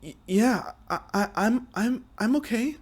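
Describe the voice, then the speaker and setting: A man's voice: sits high, expressive, measured pace, breathy edge, pitched above the performer's own voice, exaggerated voice. A man voicing a young woman knight who stammers nervously in a game retelling. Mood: shaken.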